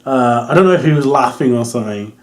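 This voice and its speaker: Young English guy, mid-pitched, casual rambling reviewer who laughs and swears a lot. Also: fast. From England. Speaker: wrestling reviewer.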